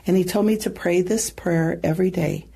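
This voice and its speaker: Earnest female storyteller with a low, dark, mellow voice; halting delivery. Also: gravelly, slightly rough. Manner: earnest, halting retelling with soft asides. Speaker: guest sharing a testimony. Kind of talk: personal storytelling.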